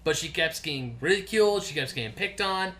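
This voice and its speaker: Bright-voiced excitable man on a podcast. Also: on the high side, a little fast. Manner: animated, acts out characters' lines. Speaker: podcast co-host. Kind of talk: casual review chat.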